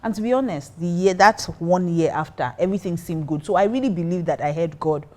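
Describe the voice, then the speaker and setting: Speaking briskly in a lowish voice, a pastor and co-host from Nigeria shares a personal story casually. She acts out how she reacted along the way.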